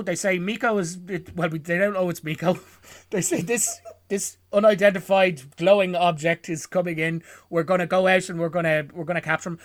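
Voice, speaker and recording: A man's voice: high voice, fairly bright tone, no room sound, clean studio sound. A man recapping a film plot for his podcast co-hosts in a rambling, self-correcting way, chuckling often. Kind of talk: casual chat.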